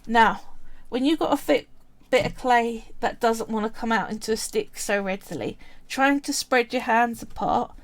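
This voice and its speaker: A woman's voice: a little high, moderate pace, hardly any pauses. A woman hosting a live craft tutorial, chatty and explaining each step as she works. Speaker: craft livestream host.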